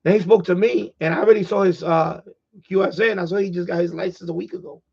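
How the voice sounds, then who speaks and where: A man's voice: high voice, steady tone, fast, vocal fry, darkish tone, breathy edge, lo-fi sound. A man hosting a casual ham radio live stream, rambling and repeating himself as he gets heated.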